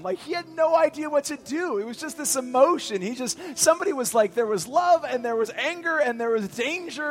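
A man in his thirties with a notably high voice delivers a sermon, earnest and animated, and draws in his congregation with questions. Soft music plays faintly behind him. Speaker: preacher. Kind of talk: sermon with a personal story.

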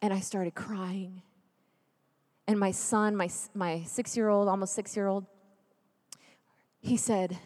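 A woman's voice: medium pitch, steady tone, slow, pauses often, darkish tone, in a large hall. A woman in her thirties giving an earnest, emotional testimony talk as a Catholic speaker, at times dropping almost to a whisper. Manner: earnest, emotional storytelling, drops to near whisper.

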